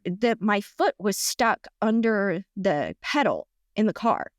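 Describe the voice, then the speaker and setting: A middle-aged woman speaks as a podcast guest, recounting her story in a lively, chatty way and tripping over fillers and restarts as she goes. Her voice sits in an ordinary middle range. The sound is close and dry, with no room around it. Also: medium pitch, takes it slowly, dry recording. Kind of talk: casual storytelling in conversation.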